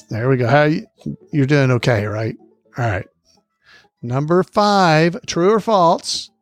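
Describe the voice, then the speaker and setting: A man hosting a casual podcast trivia quiz, reading each question slowly and repeating it, with frequent chuckles, on a close microphone. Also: fairly high pitch.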